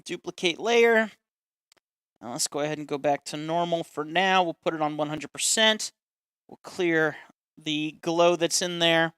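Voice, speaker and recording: A man's voice: a little high, steady tone, normal speed, a bit bright, clean tone, no echo, clean studio sound. A man casually chatting on a live stream while demonstrating a caricature drawing step by step, self-deprecating and talkative.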